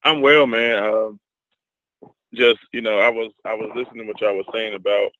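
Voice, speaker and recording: Halting low-voiced man on a phone-like line. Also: fairly even intonation. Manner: halting, repeats words, many fillers. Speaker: discussion participant. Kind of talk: casual group discussion. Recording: dry, phone-like audio.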